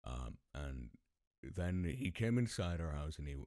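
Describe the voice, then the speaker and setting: A man with a deep voice telling stories casually as a podcast host, laid-back, swearing freely and laughing often. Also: sing-song, measured pace, darkish tone, no room sound, clean studio sound. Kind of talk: casual storytelling.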